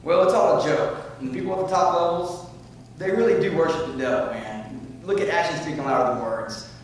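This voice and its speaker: A man giving impassioned public comment at a community forum. He rambles, then grows loud and heated. He is picked up from far off in an echoey meeting room with faint noise behind him. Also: a little high, fairly quick.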